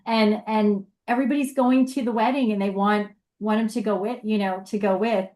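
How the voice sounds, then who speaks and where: A woman's voice: medium pitch, steady tone, darkish tone, roomy sound. A woman co-hosting a podcast, chatting casually about an old TV show and recounting a favorite episode. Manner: chatty, encouraging, quick to laugh along. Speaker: podcast co-host. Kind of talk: casual retro TV chat.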